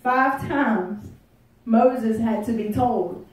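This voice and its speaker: Woman pastor, folksy sermon, slightly high voice, echoey church heard from afar. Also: animated, normal speed, a little mellow. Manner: folksy, conversational, joking with the congregation. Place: church sanctuary. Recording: echoey room, voice heard from a distance.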